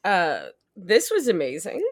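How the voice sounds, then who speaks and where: A woman's voice: fairly low pitch, wildly swooping pitch, unhurried, no room sound, studio quality. A woman co-hosting a comedy podcast, reacting casually with exclamations and chat.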